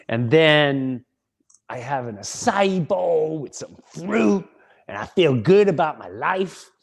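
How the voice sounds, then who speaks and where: With a voice on the high side, a middle-aged podcast host relates a funny story in a relaxed, lively manner. He performs the other characters in the tale as he goes.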